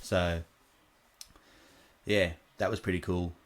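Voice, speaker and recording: A man's voice: low voice, level tone, slow. A man with an Australian accent, hosting a reaction video in a rambling, casual way with lots of ums and restarts.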